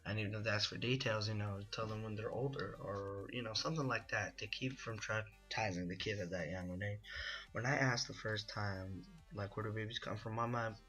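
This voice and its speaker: Rambling young man with a bright voice. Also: on the low side, normal speed, soft background music. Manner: rambling, full of "you know" and "like", laughs at his own story. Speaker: gaming video host. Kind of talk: casual storytelling over gameplay.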